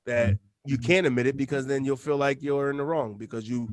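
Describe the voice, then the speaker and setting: A man's voice: mid-range voice, fairly even intonation, fairly quick, dry recording. A man co-hosting a podcast, riffing in loose, profane casual chat. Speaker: podcast co-host.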